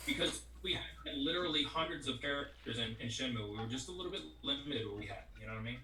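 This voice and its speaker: The same kind of speaker, a male voice actor being interviewed casually, now comes across fast and expressive, medium in pitch with a sharp tone and a little background noise. He goes on loosely and at length, sprinkling in "you know what I mean," and the recording has a roomy echo with the mic set well away.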